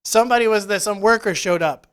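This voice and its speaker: Man, high voice, pastor, relaxed church sermon, joking asides. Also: quick pace, clean tone. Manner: casual, joking asides while retelling scripture. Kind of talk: conversational Easter sermon. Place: church service.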